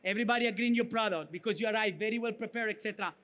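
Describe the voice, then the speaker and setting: A man with a thick Italian accent delivers a conference keynote in a high voice. He speaks bluntly and punchily. He keeps checking in with the audience with "right?" and "okay?". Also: very fast, a bit bright. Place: conference stage.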